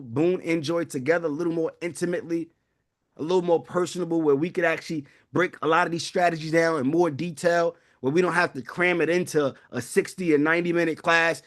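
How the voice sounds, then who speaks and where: A man hosting a live online wealth class, fervent and preachy, calling out to his viewers. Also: fairly high pitch. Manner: fervent, preachy, calls out to the audience. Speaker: wealth-building webinar host. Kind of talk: live online sales pitch.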